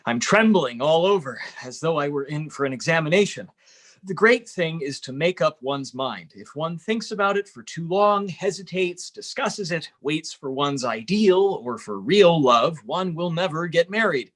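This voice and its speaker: A man plays an anxious, overly formal suitor of thirty-five. He stammers, clears his throat and fusses over his words. His voice sits a little high. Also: animated, moderate pace, a bit bright. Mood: agitated. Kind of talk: Zoom play reading. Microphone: computer mic on video call.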